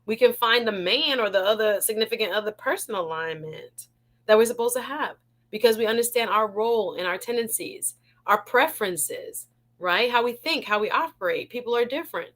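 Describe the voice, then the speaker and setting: Host: lively woman, high and bright, upbeat and preachy, laughs a lot, talks straight to her live chat. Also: a little fast. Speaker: talk show host. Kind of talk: live-stream chat reading viewer comments.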